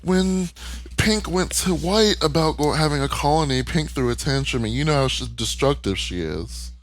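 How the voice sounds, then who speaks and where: Guy putting on a soft high gem lady, meek, making excuses for getting hurt. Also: expressive, normal speed, lightly acted. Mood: placating. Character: meek female gem, brushing off her own hurt.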